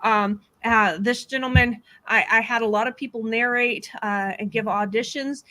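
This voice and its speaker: Woman from Texas, livestream host, chatty, laughs often, bright tone, fairly high voice. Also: fairly even intonation, moderate pace. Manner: chatty, laughing, many fillers. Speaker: true crime host. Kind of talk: casual livestream chat reading comments.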